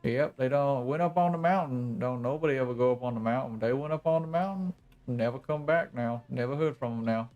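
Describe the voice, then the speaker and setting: A man's voice: medium pitch, a little fast, darkish tone, muffled recording, close to an everyday voice. A man voicing an old backwoods hillbilly who warns people away, in a put-on rural Southern drawl with folksy, ungrammatical speech. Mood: ominous warning.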